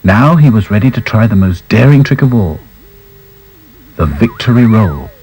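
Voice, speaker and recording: A man narrating a children's story in a gentle, unhurried way. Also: fairly low pitch, very animated, poor audio.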